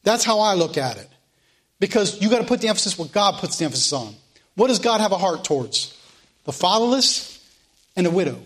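A man's voice: high-pitched, big pitch swings, a little fast, a bit bright. A man teaching a Sunday school class, preaching with passion and stumbling over repeated words, then leading a prayer. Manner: impassioned, repeats words when stirred up.

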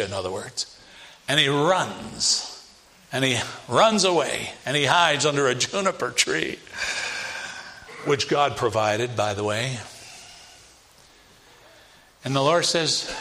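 A man's voice: mid-range voice, expressive, takes it slowly, pauses often, sharp tone. A man preaching a sermon in an emphatic manner, asking rhetorical questions to his listeners.

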